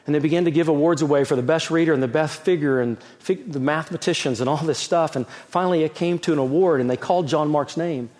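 A middle-aged man, a pastor, preaching a sermon with a personal story, swinging from loud emphasis to soft, hushed telling. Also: fairly high pitch, fast, hardly any pauses.

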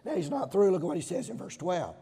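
A middle-aged man from Georgia with a Southern accent, preaching a sermon emphatically, swinging between loud stressed words and quieter asides. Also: high voice, sing-song, quick pace, breathy edge. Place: large hall with audience. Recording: hall reverb.

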